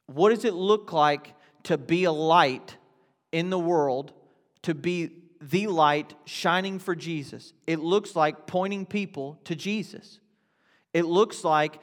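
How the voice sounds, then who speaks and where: A man's voice: on the high side, slow pace, long reverb tail. A man preaching a sermon in a conversational way, asking questions and building to emphatic repetition. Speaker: pastor.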